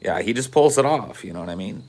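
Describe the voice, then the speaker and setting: A man's voice: on the low side, lively intonation, fast, darkish tone. A man hosting a podcast, telling a rambling, profane story in casual chat. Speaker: podcast host.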